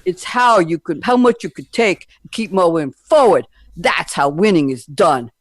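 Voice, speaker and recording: Gruff tough-guy boxer with slurred street talk, a bit deep and punchy, slightly off-mic, as a radio host puts it on. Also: animated, moderate pace, dry recording, lightly acted. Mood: gritty. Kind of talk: impression.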